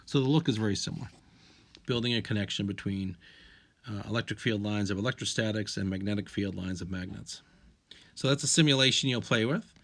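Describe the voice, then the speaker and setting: A man with a lowish voice, explaining a science lesson to his students over recorded slides. He talks plainly and patiently, often backing up to restart a phrase and tossing in "if you will.". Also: a bit bright. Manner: walking students through slides. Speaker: science teacher. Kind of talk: recorded online class lesson.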